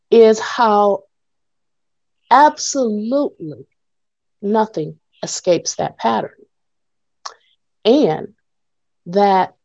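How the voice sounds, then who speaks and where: Slow, breathless woman teaching over a call. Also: mid-range voice, vocal fry, dark tone, no room sound, highs cut off. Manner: halting, with many fillers and pauses. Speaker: guest speaker. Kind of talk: teaching in an online Bible class. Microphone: video call.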